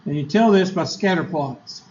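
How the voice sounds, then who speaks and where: A man's voice: fairly high pitch, moderate pace, muffled recording, slight background noise. Chatty man lecturing in an echoey classroom. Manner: folksy, chatty asides and quizzing the class. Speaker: statistics teacher.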